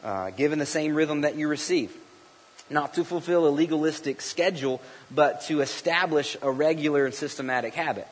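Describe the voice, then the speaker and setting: Husky-voiced preacher in a reverberant hall. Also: male voice, a little high, brisk. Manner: folksy, restarts often. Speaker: pastor. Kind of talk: sermon with storytelling.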